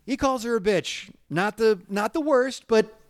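Animated man joking on a podcast. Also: sits high, a little slow, dry recording, clean studio sound. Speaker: podcast co-host. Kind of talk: comedic podcast banter.

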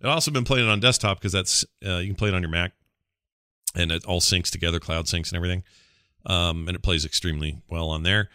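Low, forceful man in casual chat. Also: fast, clean tone, no room sound, clean studio sound. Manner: rambling, with fillers and self-corrections. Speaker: podcast co-host.

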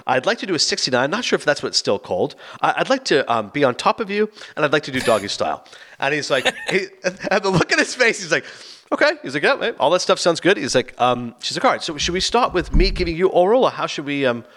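A man's voice: fairly high pitch, quick pace. A man casually retelling a film's plot, acting out the characters' lines. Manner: animated, acts out both characters' lines. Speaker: film reviewer.

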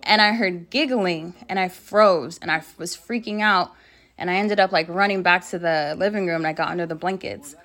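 A woman's voice: lowish voice, normal speed, a bit bright. A woman casually telling a creepy story from her childhood, rambling with lots of "like" and quoting her family. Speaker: guest storyteller.

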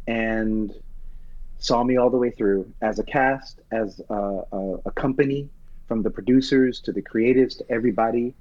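A man and Broadway actor, telling a personal story in an interview with earnest, halting emotion and frequent restarts. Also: lowish voice, a little mellow. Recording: dull lo-fi sound.

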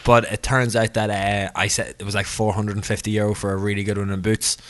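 A man's voice: on the low side, level tone, brisk, a bit bright. Rambling jokey man. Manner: rambling, jokey, self-correcting. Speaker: podcast co-host. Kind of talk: casual chat.

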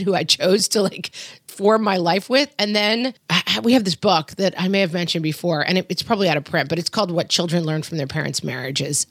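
A middle-aged woman co-hosting a casual parenting podcast, candid and self-deprecating, with animated asides. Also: fairly low pitch, no room sound, studio quality. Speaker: podcast co-host.

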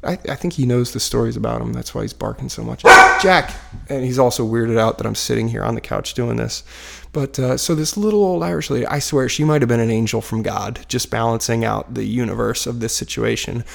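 A man's voice: mid-range voice, fairly even intonation, brisk, gravelly, a little mellow. A man in his thirties casually telling a personal story from his couch at home, rambling and self-deprecating with lots of fillers. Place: living room couch at home, dog barking nearby.

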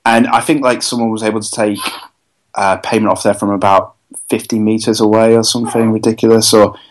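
A man's voice: on the low side, level tone, a little fast, low-quality recording. A man from the UK co-hosting a podcast, explaining things in a chatty, rambling way. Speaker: podcast co-host. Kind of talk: casual chat.

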